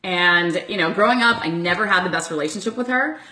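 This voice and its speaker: A woman's voice: lowish voice, a little fast, sharp tone, roomy sound. A young woman in her twenties hosting a casual chat, telling stories animatedly with lots of laughter and "like". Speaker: host.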